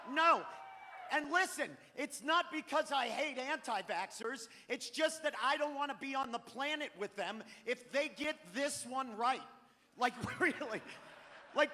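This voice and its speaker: A high-voiced man tears through a profane stand-up rant, his bright, cutting tone jumping into shouts. The live theater stream carries a long hall reverb around him. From Maine. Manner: profane, ranting, bursts into shouting. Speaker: stand-up comedian. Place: large theater stage. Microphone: handheld stage mic.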